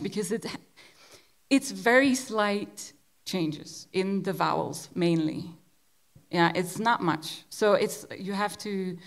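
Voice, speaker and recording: Relaxed Belgian-born woman giving a talk. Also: medium pitch, unhurried. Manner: relaxed, reflective, often repeats words as she searches for them. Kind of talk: conversational lecture.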